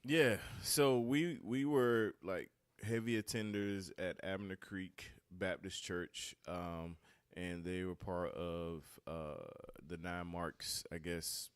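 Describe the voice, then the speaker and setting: A man talking casually as a podcast guest, relaxed and repeating words as he gathers his thoughts. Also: sits low, slow pace, few pauses, smooth, dry recording. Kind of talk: casual conversational interview.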